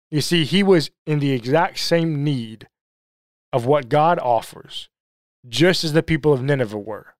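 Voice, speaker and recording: A man's voice: fairly high pitch, expressive, moderate pace, no room sound, studio quality. A man giving a sermon-style Bible study talk, earnest and emphatic, who asks rhetorical questions and leans hard on repeated phrases. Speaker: Bible teacher.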